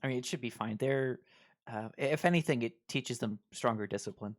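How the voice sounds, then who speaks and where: A tabletop game player who speaks hesitantly, with many pauses. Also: medium pitch.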